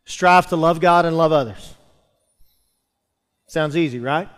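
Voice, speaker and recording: A man's voice: fairly high pitch, measured pace, a bit bright, smooth, long reverb tail. A man preaching a sermon to a church congregation, building emphasis and calling out to the listeners. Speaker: pastor. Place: church sanctuary.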